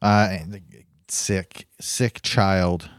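Man, young, lowish pitch, comedy podcast co-host, loose crude banter, dry close sound. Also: fairly even intonation, extremely slow, clean tone, no room sound. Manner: loose, crude, slips into goofy voices for bits.

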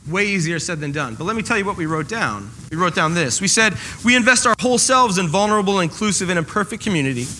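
Animated bright-voiced preacher. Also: male voice, high voice, fast, hardly any pauses, slight background noise, poor audio. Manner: lively, joking, acts out voices of the people in the story. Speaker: pastor. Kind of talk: sermon. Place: church hall with a congregation.

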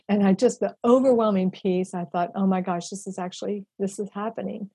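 A middle-aged woman, a guest, tells a personal faith story in a tearful, halting way with many restarts. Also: mid-range voice, steady tone, warm tone, husky, dry recording.

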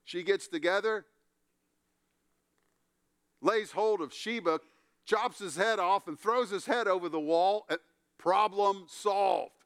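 Man, sermon, acts out the quotes, clear resonant voice. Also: high voice, takes it slowly, pauses often, fairly bright tone. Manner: storytelling with acted-out quotes and wry asides. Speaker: pastor.

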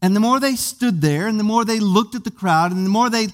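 A high-pitched man preaches a sermon at a fairly quick pace, retelling a scripture story vividly. He poses many questions to his listeners and often repeats small words along the way.

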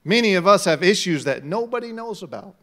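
Male pastor, middle-aged, preaching; high, ringing voice that drops low and climbs to shouts. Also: animated, a little fast. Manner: preaching, swings from quiet to shouting. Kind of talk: sermon.

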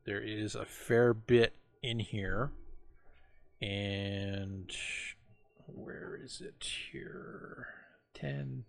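A man's voice: on the low side, fairly even intonation, drawn-out words, creaky, dry recording. A man chatting casually about painting miniatures and a campaign book, laid-back with many fillers. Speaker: co-host. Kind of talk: casual hobby chat.

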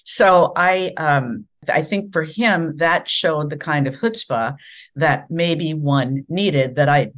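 Animated older American woman telling stories. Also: low voice. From American Midwest. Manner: animated storyteller acting out dialogue. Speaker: guest, former news anchor. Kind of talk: conversational storytelling.

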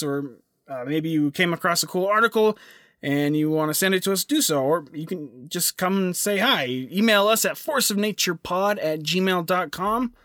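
Bright, high-voiced young podcast host. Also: male voice, no echo, studio quality. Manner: rambling, filler-heavy, self-interrupting. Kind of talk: casual podcast chat.

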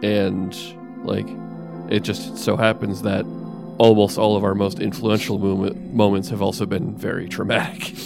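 Gravelly-voiced man playing a tabletop game. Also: on the low side, level tone, normal speed, music in the background. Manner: musing, loose phrasing with "like". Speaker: player. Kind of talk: casual tabletop play.

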